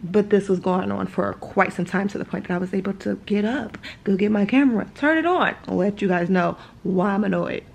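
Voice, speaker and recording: A woman's voice: medium pitch, fairly quick, gravelly, hardly any pauses, darkish tone, slight background noise. A woman talking casually to camera at home in her vlog. She is sleepy, blunt and rambling, and she swears freely. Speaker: vlogger.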